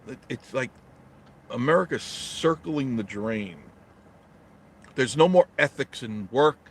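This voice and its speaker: A man's voice: mid-range voice, animated, slow pace, breathy edge. Middle-aged male vlogger from New York, blunt and wisecracking, live from his car. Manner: blunt, joking, reads viewer comments aloud and answers them. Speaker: travel vlogger reading live chat. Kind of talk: casual live-stream chat from a parked car. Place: inside a car in traffic.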